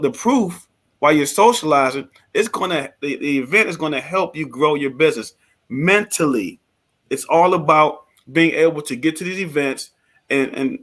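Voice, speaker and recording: A man on a business panel discussion, speaking in a halting way that turns animated, often repeating words. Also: fairly high pitch. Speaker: co-host.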